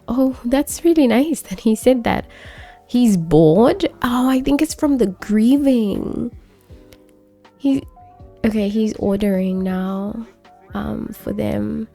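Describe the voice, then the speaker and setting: A woman's voice: a little high, takes it slowly, creaky, mellow. A woman chatting casually as she narrates a life-sim let's play, with lots of fillers. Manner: chatty, filler-heavy, narrating and voicing characters. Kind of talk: casual gameplay commentary. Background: faint background music.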